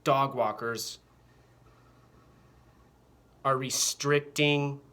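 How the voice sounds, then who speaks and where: Here the vlogger talks extremely slowly at a medium pitch, his tone steady yet pushed and bright. It's still a rambling, profane, agitated rant aimed at his camera, full of repeated phrases, picked up by the camera mic.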